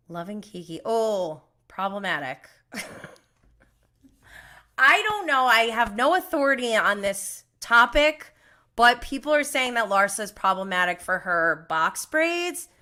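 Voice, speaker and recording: A chatty woman hosts a solo recap show in a bright, clear voice. She talks in a loose, animated way, laughing often and trailing off mid-thought. Her pitch sits in a middle range. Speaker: podcast host. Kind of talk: casual solo recap chat.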